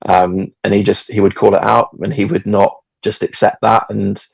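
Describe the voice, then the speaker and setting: A middle-aged man tells a story in a relaxed, meandering way, full of fillers and restarts. His voice sits low and gravelly, with a husky edge. The recording is close and dry. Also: normal speed, no echo. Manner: hesitant, many fillers and restarts. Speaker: podcast guest, football fan. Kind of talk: casual storytelling.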